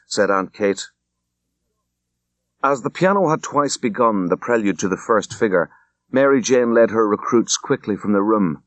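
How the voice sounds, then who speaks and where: A man reading a classic story aloud as an audiobook, in an unhurried, measured narration. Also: on the low side, expressive, no room sound. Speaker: audiobook reader. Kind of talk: scripted narration.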